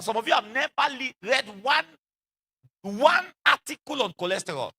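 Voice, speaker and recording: A man preaching a sermon in an animated way, acting out quoted voices and repeating lines for emphasis, with laughs between lines. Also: extremely high pitch, fairly quick, creaky, husky.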